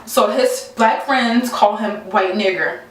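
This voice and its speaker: A young woman vlogger telling a story to camera in a casual, animated, exasperated way, acting out the quotes. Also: mid-range voice, takes it slowly. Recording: very echoey room, mic far off.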